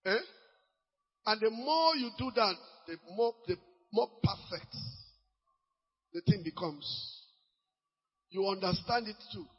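A man with a Nigerian accent preaching a sermon as pastor, lively and mixing Pidgin, sometimes breaking into shouts. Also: sits high, slow pace, long pauses, husky. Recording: muffled, long hall reverb.

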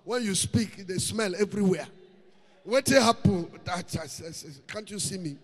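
A man preaching with a Nigerian accent, mixing in Pidgin, chanting repeated words and swinging into shouts. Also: high voice, normal speed, long reverb tail, a crowd in the background. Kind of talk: sermon.

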